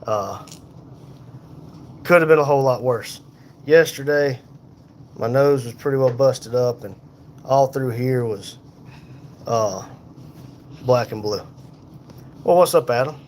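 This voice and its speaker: A man in pain and tired, hosting a casual livestream from a hospital room on a phone, reading viewer comments aloud in an unhurried, folksy way. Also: medium pitch, darkish tone, a little hiss or hum. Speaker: livestream host reading chat. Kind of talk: casual live chat.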